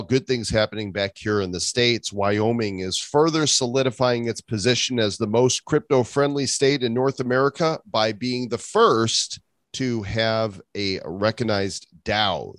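A man's voice: mid-range voice, a bit bright, no echo. A man hosting a casual crypto news show, reading items with joking asides. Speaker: host.

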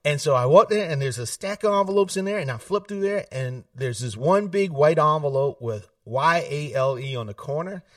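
A man, telling stories in an animated way, laughing often and acting out family voices. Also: a little high, normal speed, few pauses, no room sound, far from the mic. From South Carolina. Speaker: political candidate, guest. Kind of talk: casual storytelling interview. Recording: dry sound, set back from the mic.

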